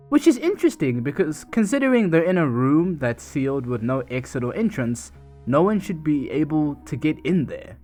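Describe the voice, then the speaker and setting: A man casually retelling a video game's story, chatting loosely and narrating each scene. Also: on the high side. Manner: loose, chatty retelling with many "and she goes" asides. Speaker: gaming channel narrator.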